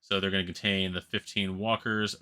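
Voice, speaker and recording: Sleepy male game-channel host, low-pitched and rambling, keeps correcting himself. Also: little pitch movement, brisk, pushed and bright. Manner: rambling, self-correcting, laughs at his own slips. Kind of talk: casual solo commentary on a crowdfunding campaign.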